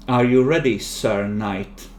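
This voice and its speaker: A man running an online tabletop game as game master, joking and relaxed, swearing casually, heard over noisy voice chat. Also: mid-range voice.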